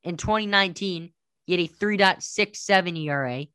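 A man's voice: sits high, fairly quick, smooth, no echo. Dry-sounding man rattling off sports stats. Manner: stat-heavy, animated, jokingly does an impression. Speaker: podcast co-host. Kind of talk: casual sports podcast chat.

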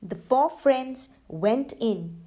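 A woman reading a children's story aloud in a slow, expressive way and talking to young listeners. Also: high-pitched. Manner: slow, expressive, sing-song.

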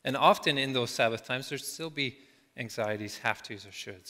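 A middle-aged man preaching a sermon as a pastor, reflective, slowing down and letting his phrases trail off softly. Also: medium pitch. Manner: reflective, slow with soft trailing endings. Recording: long hall reverb.

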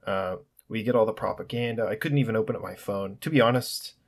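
A man's voice: on the low side, fast. Profane, sarcastic young man ranting. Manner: sarcastic, profane, rambling with restarts. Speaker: podcast host. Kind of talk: solo podcast rant.

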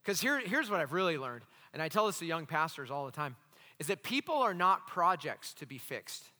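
A man's voice: a little high, brisk. A man preaching as a pastor, telling stories with acted-out dialogue and jokey asides. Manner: animated, acts out dialogue in the stories. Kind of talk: sermon with storytelling. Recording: long hall reverb.

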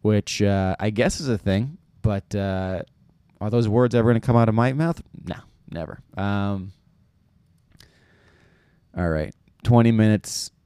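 A man's voice: lowish voice, measured pace, warm tone, smooth, dry recording. A young man from New York, rambling through a casual comedic monologue with lots of fillers and restarts. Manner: rambling, self-deprecating, many fillers and restarts.

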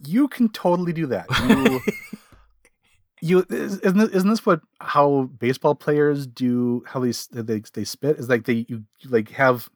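A man co-hosting a casual comics podcast in a mid-range voice. He talks fast, doubling back on his words as ideas come. The sound is dry and close to the mic. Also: medium pitch, darkish tone, dry recording. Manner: quick, self-interrupting, repeats words. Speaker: podcast co-host. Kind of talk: casual chat about comics.

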